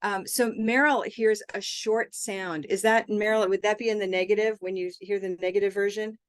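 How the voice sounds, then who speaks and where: A woman's voice: mid-range voice, fairly even intonation, normal speed, no room sound, clean studio sound. A woman, leading a live online pronunciation lesson and patiently modeling words for learners to repeat. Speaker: English pronunciation teacher.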